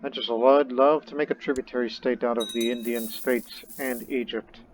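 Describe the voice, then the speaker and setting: A man's voice: mid-range voice, steady tone, normal speed, noisy background. A man giving casual, rambling commentary while playing a strategy game, thinking aloud as he goes. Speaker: let's play gamer. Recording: dull lo-fi recording with faint game music.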